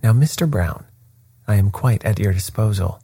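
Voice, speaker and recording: A man voicing a confident, precise male detective in a storybook reading, calm and quietly commanding. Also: on the low side, normal speed, breathy edge, no room sound, studio quality.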